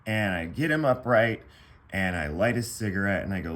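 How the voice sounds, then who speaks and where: A man's voice: lowish voice, animated, moderate pace, a bit bright, a little hiss or hum. A man casually telling a personal story to camera, rambling and profane, with many fillers and restarts.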